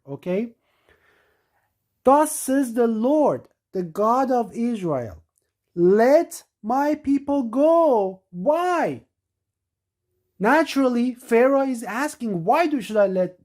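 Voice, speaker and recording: A religious teacher gives a scripture-reading lecture in a mid-range, somewhat dark voice. She is emphatic, slowing down to stress key words.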